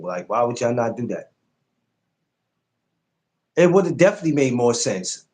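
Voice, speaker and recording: Man, podcast host, live stream, casual chat, animated, swearing, mid pitch. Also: moderate pace, pauses often. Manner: animated, swearing, jumps to high exclaims when mocking.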